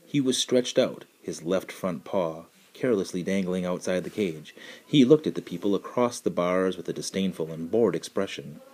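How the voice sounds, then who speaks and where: A man narrating a children's story with expressive, storytelling delivery. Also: low-pitched, normal speed, breathy edge. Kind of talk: storybook reading.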